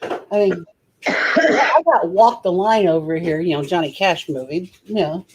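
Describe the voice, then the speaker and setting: Lively, folksy woman chatting casually. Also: on the low side, a little slow, a little hiss or hum, poor audio. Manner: expressive, folksy and drawling. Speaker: co-host in a live stream chat. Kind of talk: casual chat.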